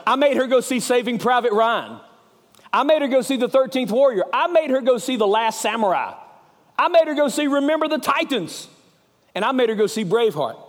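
A man preaching a sermon as an evangelist, with a Southern US accent, telling stories with passion and swinging from loud to hushed. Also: very high-pitched, animated, brisk, long reverb tail.

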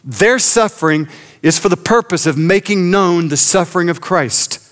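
A man preaching a sermon as pastor, earnest, slowing and dropping his voice low for emphasis. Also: fairly bright tone.

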